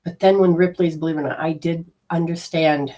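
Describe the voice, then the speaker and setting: A woman's voice: low-pitched, a little fast. Chatty woman telling a story, distant mic. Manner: acts out quoted dialogue in a lively, chatty way. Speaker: spiritual healer giving a talk. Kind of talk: personal storytelling talk.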